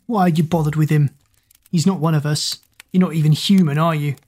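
Boy hero, read by a woman, low and unhurried, steady and easygoing. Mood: angry. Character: steady, good-humoured teenage boy hero.

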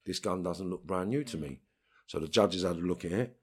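Low and husky, this London-accented man talks fairly quickly through a storytelling interview. He's straight-talking and street-smart, breaking into occasional outbursts of profanity.

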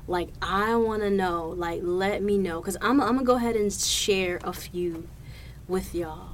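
A woman hosting her own podcast, telling stories in a profane, animated, laughing way. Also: mid-range voice, a little hiss or hum. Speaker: podcast host. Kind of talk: casual solo podcast storytelling.

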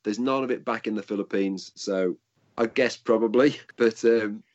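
A man's voice: fairly low pitch, normal speed, darkish tone. Older man, rambling practical answers, lo-fi. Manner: rambling, frequent restarts, practical. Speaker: martial arts instructor. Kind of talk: casual interview answers.

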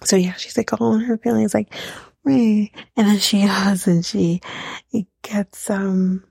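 A woman hosting a podcast, recapping casually in a blunt, profane, sarcastic way and often dropping to a breathy half-whisper. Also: mid-range voice, steady tone, unhurried, a little mellow, no echo. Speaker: podcast host recapping a reality show. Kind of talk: casual chat.

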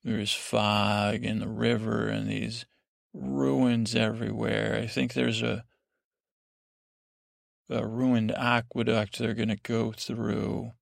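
A man's voice: lowish voice, little pitch movement, slow, vocal fry, no echo, studio quality. A man hosting a sleep podcast, recapping a show in a meandering, drowsy way full of restarts and fillers. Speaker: podcast host.

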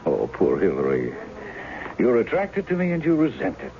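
A breezy, teasing charming impostor. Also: male voice, low-pitched, huge pitch swings, normal speed, dark tone, slight background noise, exaggerated voice. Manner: teasing, breezy, later rueful. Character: charming writer posing as a woman's lost husband. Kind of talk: 1970s radio drama acting. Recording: dull old radio broadcast with music.

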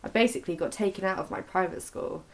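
A woman's voice: medium pitch, animated, quick pace, vocal fry. A young woman in casual conversation, talking openly about her past in a rambling, sweary way with many restarts. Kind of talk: casual confessional chat.

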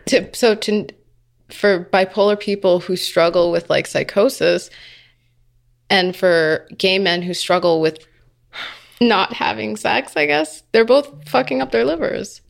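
A woman's voice: medium pitch, fairly even intonation, a little slow, vocal fry. A woman co-hosting a podcast, talking casually in a blunt, provocative and teasing way. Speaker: podcast co-host. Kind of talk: casual chat.

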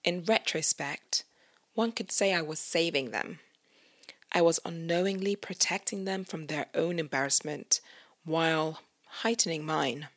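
A woman's voice: sits low, unhurried, a bit bright. A young British woman of Nigerian heritage hosting a podcast, reading a reflective essay aloud in an earnest way. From Britain, Nigerian heritage. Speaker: podcast host. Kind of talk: casual intro then read-aloud essay.

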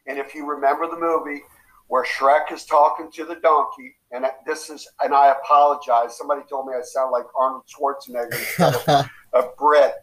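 A man giving a guest's coaching advice in a loose, motivational way. He tells his stories with animation and leaps up in pitch to act out quotes. His voice sits fairly high for a man. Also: rough recording. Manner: animated storyteller who acts out quotes with big pitch jumps. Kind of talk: casual motivational talk.

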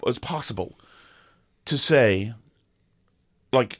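A middle-aged man, co-hosting a podcast and telling a story in an animated, exasperated way with lots of restarts. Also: on the high side, fairly quick, dry recording, clean studio sound. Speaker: podcast co-host. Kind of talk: casual storytelling chat.

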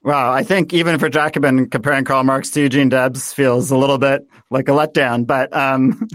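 A man from the United States, a guest in a political interview, talking in an animated way and thinking aloud with many fillers. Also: mid-range voice, moderate pace, no room sound. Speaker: guest author.

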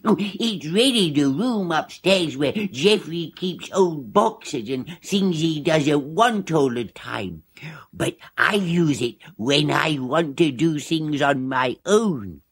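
A man voicing a shy, gentle male hippo puppet on a 1970s children's TV show, speaking softly and hesitantly in a confiding way. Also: fairly high pitch, expressive, full character voice. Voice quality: soft, breathy and hesitant. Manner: slow, timid, confiding.

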